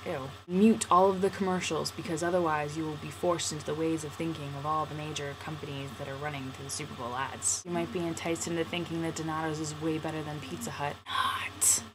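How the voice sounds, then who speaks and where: A woman's voice: low voice, fairly even intonation, fairly quick, hardly any pauses, background noise. A young woman in college talking casually to camera in a playful, sarcastic, jokey vlog. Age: young adult. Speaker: vlogger.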